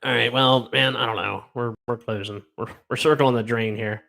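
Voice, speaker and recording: A man's voice: mid-range voice, steady tone, moderate pace, vocal fry, bright, forceful tone. A middle-aged man from Ohio hosting a casual live stream, reading odd news stories aloud and rambling wryly with lots of fillers. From Ohio, USA.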